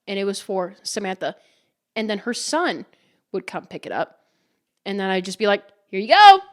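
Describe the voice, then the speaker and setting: A young woman hosting a casual podcast, telling stories from her restaurant job and acting out customers' lines in a high voice. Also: moderate pace. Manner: chatty storyteller, acts out customers' lines in a high voice. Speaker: podcast host. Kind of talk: casual chat.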